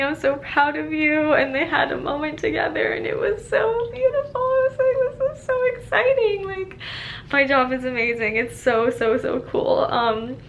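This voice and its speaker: A woman's voice: on the high side, a bit bright, slight background noise. A young adult woman dietitian talking casually and enthusiastically in a vlog from a clinic office. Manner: enthusiastic, upbeat and encouraging.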